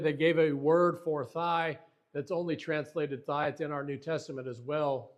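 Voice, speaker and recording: Earnest man teaching a Bible lesson. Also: fairly high pitch. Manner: earnest, emphatic teaching with frequent restarts.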